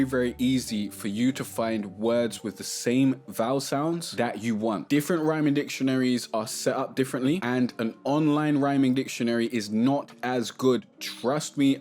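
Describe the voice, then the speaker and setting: Chatty man giving a rap melody lesson. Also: medium pitch. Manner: relaxed and chatty, sings short melody snippets. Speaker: music tutorial host. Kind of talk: casual tutorial talk to camera.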